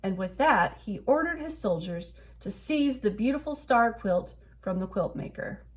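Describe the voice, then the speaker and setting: A woman reads a children's picture book aloud with expressive storytelling. She speaks at a medium pitch and a normal speed.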